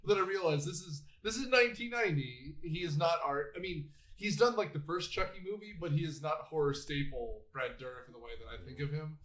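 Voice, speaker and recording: Lively chatty man hosting a film podcast. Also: brisk, few pauses. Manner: animated, laughing, jumps into high voices for quotes. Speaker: podcast host. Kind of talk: casual movie review chat.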